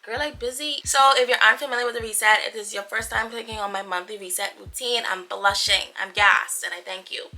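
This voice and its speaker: A woman's voice: mid-range voice, fairly even intonation, brisk, few pauses, bright, forceful tone. A young woman in a casual vlog to camera, talking in a playful, chatty way with slangy asides in her morning voice. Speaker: vlogger.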